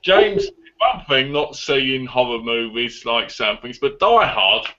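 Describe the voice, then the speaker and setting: Male guest, excitable rambling talker, bright voice, lo-fi call sound. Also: mid-range voice, takes it slowly. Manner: excitable, rambling movie talk. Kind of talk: casual live chat.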